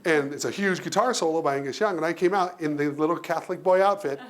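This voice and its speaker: A man delivers a keynote speech to a live audience in an event hall. His voice sits a little high for a man. He talks in an animated, storytelling way, acting out other people's lines and laughing often. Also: quick pace, a little hiss or hum. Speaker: keynote speaker.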